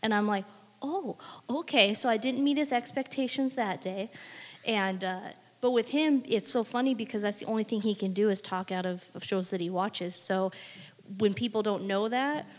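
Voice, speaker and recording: Brief: woman, middle pitch, wry and matter-of-fact, reverberant room. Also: normal speed, darkish tone. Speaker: parent sharing a story. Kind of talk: casual storytelling.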